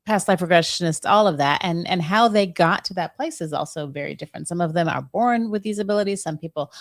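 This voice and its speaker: A woman's voice: on the low side, fast. A woman co-hosting a live question-and-answer show, talking casually with lots of "like" and "you know". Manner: chatty, fillers like "like" and "you know". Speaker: co-host.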